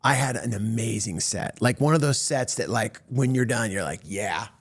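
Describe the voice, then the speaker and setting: A male stand-up comedian telling a story as an animated, self-mocking monologue, full of restarts and fillers. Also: medium pitch, moderate pace, slightly rough.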